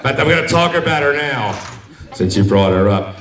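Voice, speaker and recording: A man's voice: medium pitch, expressive, normal speed. A man in his forties doing a stand-up set at a bar, joking and teasing the crowd. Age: 40s. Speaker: stand-up comedian. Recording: echoey hall, mic from far, crowd.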